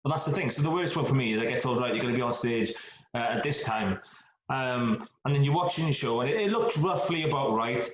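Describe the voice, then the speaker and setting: A man, a bodybuilder guest on a podcast, telling stories in a relaxed, casual way. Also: mid-range voice, fast talker, slight background noise. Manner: relaxed anecdotal storytelling. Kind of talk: casual chat. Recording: echoey room.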